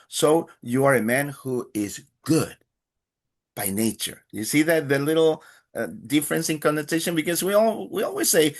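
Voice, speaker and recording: A man's voice: fairly high pitch, animated, moderate pace, creaky. A man teaching a beginner Spanish class, explaining patiently with many fillers and acting out short dialogues. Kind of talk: live online Spanish lesson.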